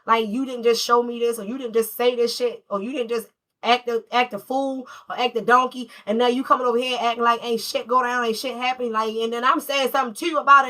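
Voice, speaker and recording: Bright, high-voiced woman tarot reader with a cold. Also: fast talker. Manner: blunt, profane, streetwise, animated storytelling. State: has a cold. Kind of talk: casual collective tarot reading.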